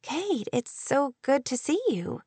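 A happy newlywed young woman, glowing and content, as a woman narrator reads her. She speaks softly and quietly. Dry, close recording. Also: high-pitched, sing-song, takes it slowly, dry recording, pitched above the performer's own voice, exaggerated voice.

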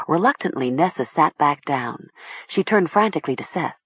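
An audiobook narrator reading a horror story with slow, expressive storytelling. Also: medium pitch, husky, dry recording, lo-fi sound.

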